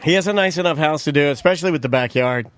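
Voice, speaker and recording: A man in casual podcast chat, joking and tossing in quick asides. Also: fairly high pitch, no room sound.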